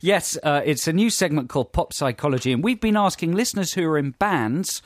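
A man's voice: a little high, expressive, fairly quick, no room sound, studio quality. A man hosting a radio show, telling anecdotes in a hesitant, self-amused way. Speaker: radio host. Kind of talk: casual radio banter.

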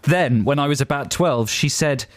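A man's voice: mid-range voice, moderate pace, no room sound. A man co-hosting a comedy podcast, reading emails and adding wry asides with laughter. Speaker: podcast co-host. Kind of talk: casual comedy chat, reading listener emails.

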